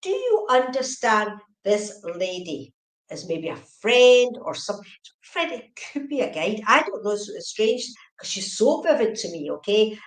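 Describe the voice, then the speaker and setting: A woman giving fast, chatty psychic readings on a live stream, often checking in with okay and right. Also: mid-range voice, reverberant, rough recording. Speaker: medium.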